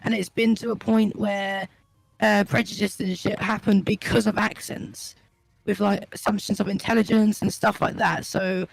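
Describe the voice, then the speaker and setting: A man's voice: high-pitched, little pitch movement, moderate pace, vocal fry, dry recording, poor audio. A man with an English accent chatting on a live stream, rambling and laughing often as he explains things. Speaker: streaming guest. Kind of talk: casual chat on a live stream.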